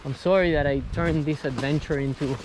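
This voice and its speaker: A man's voice: on the high side, steady tone, a little fast, a little mellow, a little hiss or hum. A young man vlogging from a camp on a lake island, talking straight to camera in a frustrated, ranting way. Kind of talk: outdoor vlog.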